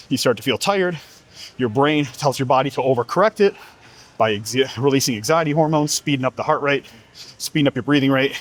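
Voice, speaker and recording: A man talking as a fitness coach in a blunt, heavily profane motivational monologue, firing off rhetorical questions while working out. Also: medium pitch.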